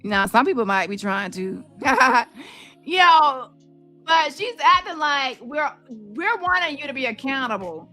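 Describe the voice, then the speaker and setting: Blunt scolding woman with bright voice. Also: high voice, expressive, a little slow, soft background music. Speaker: commentary YouTuber. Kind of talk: casual commentary.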